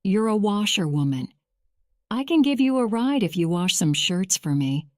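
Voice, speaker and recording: A woman voicing a kind male train driver in an audio storybook, calm and matter-of-fact. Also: mid-range voice, moderate pace, no room sound, studio quality, natural voice.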